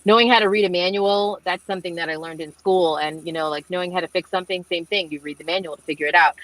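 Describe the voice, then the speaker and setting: A young marine engineer answers webinar questions over a video call, telling stories chattily with lots of fillers and lively quoted dialogue. Her voice is lowish and fast, with no echo, though the recording is rough.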